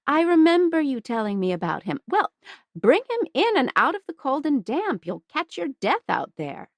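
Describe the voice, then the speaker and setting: A woman's voice: sits high, big pitch swings, normal speed, no echo, pitched above the performer's own voice. Mrs. Hudson, a woman voicing a fussing middle-aged lady. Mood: welcoming. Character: middle-aged genteel doctor's wife, fussing.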